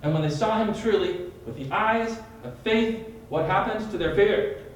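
A man's voice: high voice, normal speed, a little hiss or hum. A man leading a Bible study, teaching in a sermon style, retelling vividly and quizzing his listeners by name. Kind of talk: teaching sermon with questions to a group. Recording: echoey room from far off.

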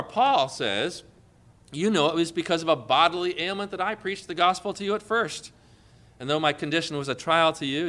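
A man's voice: fairly high pitch, bright, forceful tone. A man preaching a sermon as pastor, earnest, with rhetorical questions and rising emphasis.

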